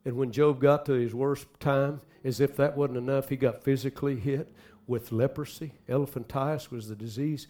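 A man preaching a sermon, swinging dramatically from hushed, slow phrases to loud bursts. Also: mid-range voice, steady tone. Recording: faint music behind.

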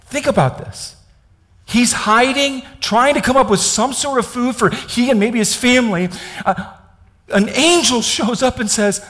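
Conversational preacher from Kansas. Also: male voice, very high-pitched, unhurried, in a large hall. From Kansas, United States. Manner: conversational, animated, asks listeners questions. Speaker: pastor. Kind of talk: sermon.

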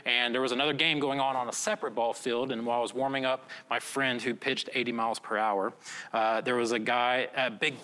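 Young male pastor, bright voice, earnest conversational preaching, long hall reverb. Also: medium pitch, steady tone, brisk. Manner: earnest, conversational preaching with frequent "right?" asides. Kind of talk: filmed video sermon.

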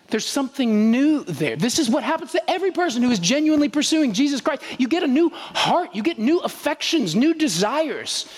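A man preaching a sermon as pastor, conversational and emphatic, full of rhetorical questions. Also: extremely high pitch. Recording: husky voice in a long-reverb church hall.

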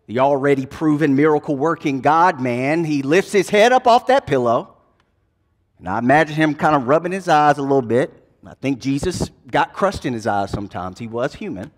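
A man preaching a sermon, retelling a gospel scene in dramatic, folksy storytelling that swings between hushed and loud passages. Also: medium pitch. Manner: casual, folksy turns of phrase.

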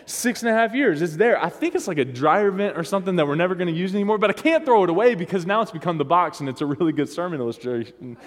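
A man's voice: high-pitched, expressive, fast, few pauses. A man preaching a sermon as pastor, talking casually and often asking the congregation for responses. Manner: conversational, asks the congregation for responses. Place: church. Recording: long hall reverb.

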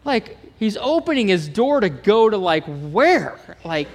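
A man's voice: sits high, very animated, a little slow, big-room sound. A man preaching a sermon as pastor, telling stories animatedly and acting out the dialogue.

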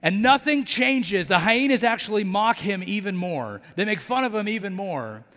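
A man's voice: high-pitched, animated, moderate pace, a bit bright. Chatty male pastor in an echoing hall. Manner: conversational, many fillers like "like" and "right?"; acts out characters' lines in his storytelling. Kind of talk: sermon. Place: church sanctuary.

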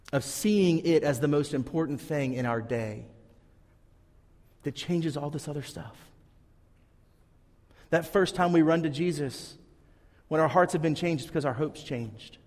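A man's voice: fairly high pitch, a little mellow, long reverb tail. A man preaching a sermon, telling a Bible story earnestly and acting out the characters' lines. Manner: earnest storytelling, acts out quotes. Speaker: pastor.

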